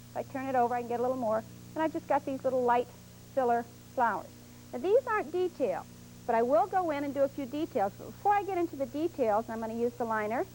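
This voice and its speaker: A woman with a high, light voice gives a painting lesson on television. She talks through each stroke patiently and step by step as she works, in a studio setting. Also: a little mellow, a little hiss or hum, low-quality recording. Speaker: painting instructor.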